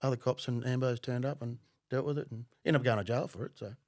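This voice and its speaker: A man, a podcast guest telling a story in a casual, profane and animated way, often laughing. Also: mid-range voice, fast talker, no echo, studio quality.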